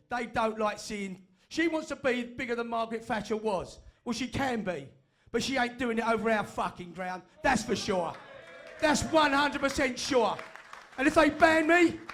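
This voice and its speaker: A man's voice: very high-pitched, a bit bright. A man giving a fiery, sweary speech to a fan meeting in a room full of people. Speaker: fan group speaker.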